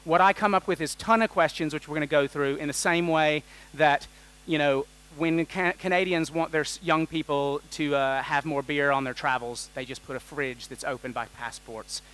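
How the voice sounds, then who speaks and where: A man delivers a lively keynote talk from a conference stage. His voice sits a bit on the high side, and he keeps things playful and quick-witted, throwing questions out to the audience as he goes. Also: poor audio. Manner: energetic and jokey, quizzing the audience.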